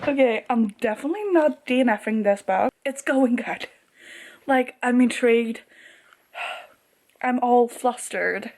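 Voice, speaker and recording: Gushing, excitable woman book vlogger. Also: a little high, slow, pauses often. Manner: gushing, excitable, laughs often. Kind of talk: casual reading reactions to camera.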